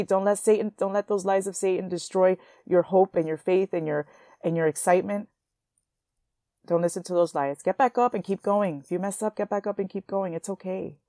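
A young woman hosting a Christian podcast, talking earnestly and warmly to her listeners as sisters, at times emotional. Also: fairly low pitch, dry recording, studio quality. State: emotional, near tears. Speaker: podcast host. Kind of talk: faith podcast encouragement.

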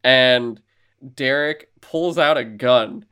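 A man's voice: medium pitch, slow pace, clear, resonant tone. A man co-hosting a podcast, casually retelling a film's story with lots of filler words and playful asides. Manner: animated storyteller, many filler words, acts out quoted lines. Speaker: podcast co-host. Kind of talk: casual chat, retelling a film.

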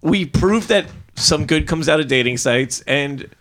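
High, lively joking man. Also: a little slow, a little hiss or hum. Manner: jokey, laughing, slips into high put-on voices. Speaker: podcast co-host. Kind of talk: casual chat.

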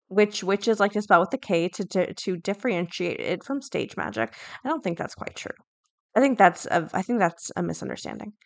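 A woman's voice: medium pitch, fairly bright tone, dry recording. Chatty woman podcast host, dry close sound. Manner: chatty, thinks aloud with many fillers and restarts. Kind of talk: casual podcast commentary.

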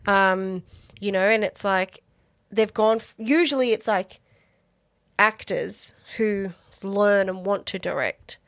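An Australian woman co-hosting a podcast, chatting casually with quick asides and laughs. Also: mid-range voice, fairly bright tone, no echo, studio quality. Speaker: podcast co-host. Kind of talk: casual chat.

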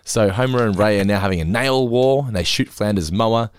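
A man chatting casually as a podcast co-host, telling stories with lively swearing and acted-out voices. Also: lowish voice, brisk, smooth, no echo. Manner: animated storytelling, swearing, acting out voices. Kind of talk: casual chat.

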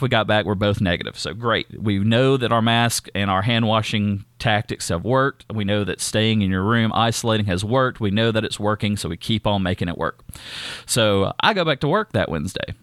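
A man's voice: lowish voice, fairly bright tone, no echo. A man, co-hosting a casual podcast and telling a long story, rambling and restarting often. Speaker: podcast co-host. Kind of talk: casual chat.

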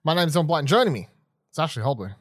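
A man's voice: fairly high pitch, sing-song, racing, no room sound. Chatty male podcast host, dry sound. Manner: chatty, loose, prone to tangents. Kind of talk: casual podcast chat.

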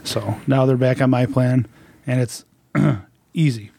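A man's voice: medium pitch, slow, creaky, dark tone, dry recording. Casual man telling family stories. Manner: rambling, laughing, swears casually. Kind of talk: casual storytelling chat.

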